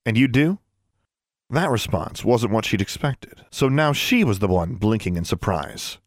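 Low-voiced man narrating an audiobook. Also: expressive, moderate pace, no room sound, clean studio sound.

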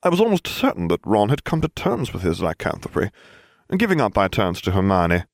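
Deadpan low-voiced male storyteller. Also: a little fast, gravelly, no echo. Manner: dry, deadpan comic delivery. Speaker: narrator. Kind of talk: first-person storybook reading.

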